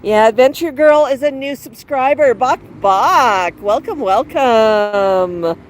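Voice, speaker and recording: A woman with a slightly high voice hosts a casual outdoor livestream, sliding between soft baby talk for her bird and friendly chatter with viewers. She sits on a patio, with steady traffic noise clearly audible behind her. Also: measured pace, rough recording. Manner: coos baby talk to the bird and reads out chat comments. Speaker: livestream host with her pet cockatoo. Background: passing cars.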